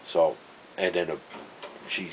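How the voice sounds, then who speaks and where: Middle-aged man, low voice, rambling storyteller who laughs at himself, faint hiss under the recording. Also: steady tone, slow, low-quality recording. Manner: rambling, self-interrupting, chuckling at his own stories. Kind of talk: casual storytelling monologue.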